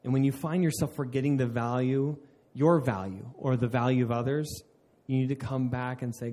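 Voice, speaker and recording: A man's voice: medium pitch, steady tone, normal speed, hardly any pauses, dark tone. A man preaching a sermon in an earnest way, often restarting mid-phrase and laughing at himself. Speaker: pastor.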